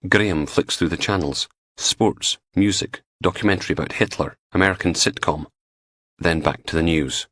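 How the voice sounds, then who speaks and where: A man with a very deep voice reads an audiobook in steady, measured scripted narration. He is recorded close and completely dry, with no room sound. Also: no room sound.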